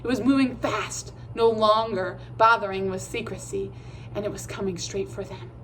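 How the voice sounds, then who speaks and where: Woman narrator for a chapter book, steady and measured, mid pitch. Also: slight background noise, poor audio. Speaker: audiobook reader. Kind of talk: storybook narration.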